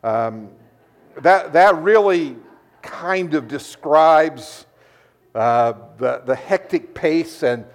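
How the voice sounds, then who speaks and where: A middle-aged man preaching a sermon, repeating words as he restarts, telling stories in a lively way. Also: on the high side, very slow. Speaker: pastor.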